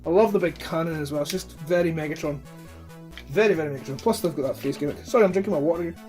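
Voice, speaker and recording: A man's voice: fairly high pitch, racing, a little mellow, soft background music. A man chatting casually about his toy collection, rambling and blunt with plenty of swearing. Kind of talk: casual chat.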